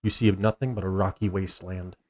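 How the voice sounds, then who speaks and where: A man's voice: low voice, level tone, darkish tone. New Zealand man narrating a tabletop game. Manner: halting, restarts while describing scenes. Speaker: game master.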